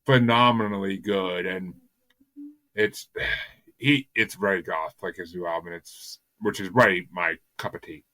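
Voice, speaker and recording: A man's voice: low voice, fairly bright tone, no echo. A man hosting a music podcast in casual chat, rambling and enthusiastic, often stumbling over repeated words. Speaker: podcast host.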